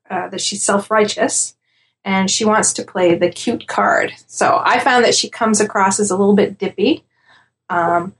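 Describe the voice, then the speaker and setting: A woman with a mid-range voice chats casually on a podcast, breaking down contestants at an easy clip. She fills pauses with "um" and "uh" and laughs easily. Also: mid-range voice. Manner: chatty, laughs easily, many fillers. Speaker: podcast guest analyst.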